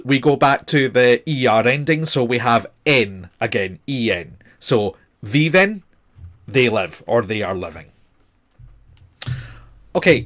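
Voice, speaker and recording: A man's voice: mid-range voice, a bit bright. A man teaching a Spanish grammar lesson, explaining patiently and checking in with "okay?" as he goes. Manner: patient, repeats "okay?" often. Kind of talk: language lesson.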